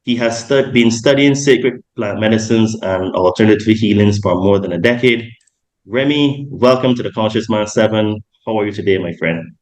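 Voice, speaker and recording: A man's voice: on the low side, moderate pace, a little mellow, poor audio. A young adult man hosting a podcast, talking in a rambling way with many ums and self-corrections. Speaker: podcast host. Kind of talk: casual podcast interview.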